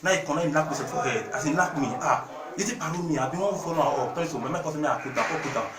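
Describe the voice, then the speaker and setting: A man's voice: a little high, rapid-fire. A young man with a Nigerian Pidgin accent, telling his story in a street interview, rambling and repeating himself, often dropping to a mumble. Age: young adult. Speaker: interviewee recounting an ordeal. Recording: echoey, distant mic, loud crowd.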